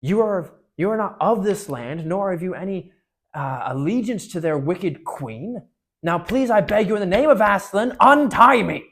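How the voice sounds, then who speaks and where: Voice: mid-range voice, big pitch swings, unhurried, darkish tone, pitched above the performer's own voice. A storyteller voicing a desperate captive young prince, pleading in formal old-fashioned speech. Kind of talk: storytelling to a group.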